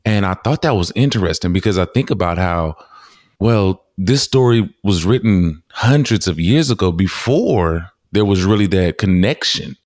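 Deep-voiced animated male podcast host. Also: normal speed, dry recording, clean studio sound. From Texas. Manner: animated storyteller, acts out quotes in high voices. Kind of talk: casual interview chat.

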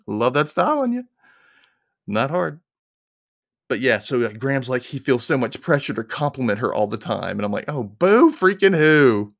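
Guy cohost recapping a tv show, super animated, keeps doing little character voices and cracking up. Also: mid-range voice, normal speed, gravelly, pauses often, no room sound, studio quality. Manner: animated, jokey, quotes characters in voices, laughs often. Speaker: podcast co-host. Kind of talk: casual recap chat.

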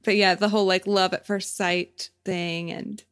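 A woman's voice: mid-range voice, little pitch movement, measured pace, a bit bright, clear, resonant tone. Woman, thirties, podcast co-host, giggly and chatty, loose casual delivery. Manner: giggly, chatty, trails off with fillers. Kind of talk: casual chat.

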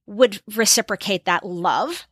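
A woman's voice: mid-range voice, unhurried, fairly bright tone, breathy edge, no room sound, studio quality. A woman hosting a casual movie podcast, animatedly retelling scenes for her co-hosts. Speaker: podcast host.

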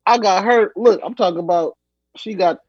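A young man telling a funny story on a podcast, animated, slangy and laughing often. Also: high-pitched, moderate pace, breathy edge, dry recording, muffled recording. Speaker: podcast guest. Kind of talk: casual storytelling.

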